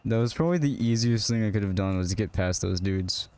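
A man's voice: lowish voice, fast talker, darkish tone, clean tone. A male streamer muttering sarcastic, casual commentary while playing a game.

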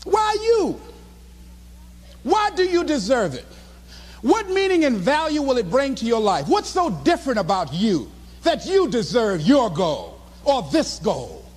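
High, shouting motivational speaker man. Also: long reverb tail. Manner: preacherly, shouting, animated storytelling. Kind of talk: motivational speech.

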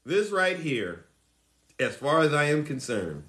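Animated high-voiced male political commentator. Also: a little slow.

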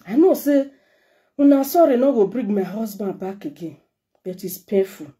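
Speaking at a normal speed, this middle-aged woman uses a warm, expressive, medium-pitched voice. She has a Nigerian accent and, as a vlogger, addresses her followers directly on camera with an emotional, heartfelt message.

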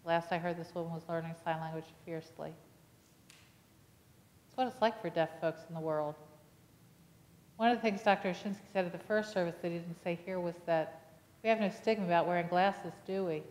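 A woman's voice: fairly low pitch, normal speed, pauses often, a little mellow. Storytelling woman pastor in echoing church. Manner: storytelling, acting out dialogue, asking the congregation questions. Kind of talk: sermon. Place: church sanctuary. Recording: long reverb of a church hall.

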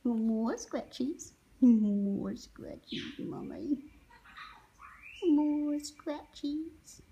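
A woman's voice: a little high, huge pitch swings, measured pace, mellow, slight background noise, exaggerated voice. A woman voicing her pet female grey parrot in a babyish, coaxing tone. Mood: pleading.

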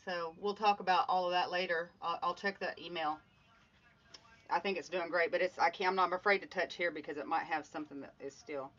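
Bright chatty woman on a live stream, greeting folks by name while crafting, kinda muffled phone sound, quiet music behind. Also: fairly low pitch, fairly even intonation, a little fast. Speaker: livestream host making craft art. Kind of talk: casual livestream chat greeting viewers. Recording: slightly dull audio with faint music.

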